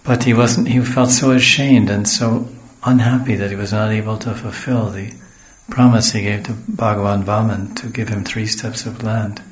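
A man with a fairly low voice tells a sacred story as a sermon. He drifts into homely side stories and acts out the speakers. The room around him rings with echo. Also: level tone, normal speed, hardly any pauses. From the West. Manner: digressive, homely asides, acts out quotes. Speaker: spiritual teacher.

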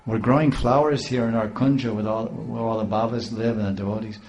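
A man's voice: lowish voice, fairly even intonation, brisk, a little mellow. A man telling a devotional story in a rambling, repeating way. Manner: rambling, with many restarts.

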